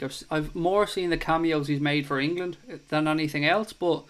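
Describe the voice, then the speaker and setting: A man's voice: fairly high pitch, fairly even intonation, moderate pace, hardly any pauses, clean tone. A young man hosting a casual football chat show, reading out viewer comments and swearing freely as he chats.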